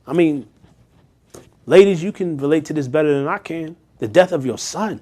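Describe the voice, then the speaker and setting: A man's voice: a little high, lively intonation, normal speed, darkish tone. A man leading a Bible study, reading scripture aloud and breaking off into casual, slangy commentary and pointed questions to his listeners. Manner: direct, rhetorical questions to listeners.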